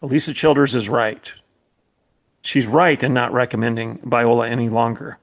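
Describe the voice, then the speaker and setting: With a steady, medium-pitched voice, moderate pace, and vocal fry, a middle-aged podcast host speaks. He once led a college as president, and his impassioned monologue has an emphatic, repetitive, pulpit-style cadence.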